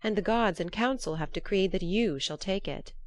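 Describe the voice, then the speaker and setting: A woman's voice: medium pitch, moderate pace, a little mellow, no room sound, lightly acted. A woman doing Loki, a sly trickster god. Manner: sly, mocking. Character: cunning scheming male trickster god.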